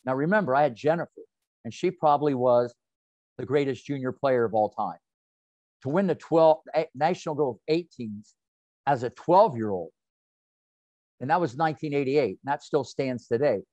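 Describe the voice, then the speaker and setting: A man in his sixties, a tennis coach, telling lively, colorful anecdotes in an interview. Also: mid-range voice, normal speed, no echo. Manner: animated, colorful anecdotes with slang. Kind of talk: interview storytelling. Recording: dull, dry audio.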